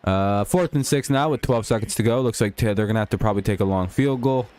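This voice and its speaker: Low-voiced man streaming casual game commentary. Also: fast. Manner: relaxed play-by-play mixed with profane banter with chat. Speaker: streamer hosting a game watch-along.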